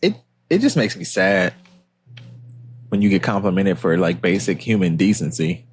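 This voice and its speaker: A man's voice: sits low, big pitch swings, normal speed, husky. A man co-hosting a podcast, chatting casually, joking and swearing with frequent laughs. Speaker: podcast co-host. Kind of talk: casual chat.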